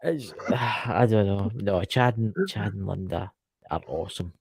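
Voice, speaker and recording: A man's voice: fairly low pitch, measured pace, gravelly, darkish tone, husky, dry recording. A man with a Scottish accent co-hosting a show, chatting casually, joking and teasing his co-host. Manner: joking, teasing, laughs often. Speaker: podcast co-host. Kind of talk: casual banter.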